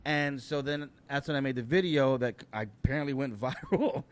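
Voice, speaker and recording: A man's voice: mid-range voice, moderate pace. A middle-aged man, a guest comedian, telling rambling and profane anecdotes in a casual podcast chat.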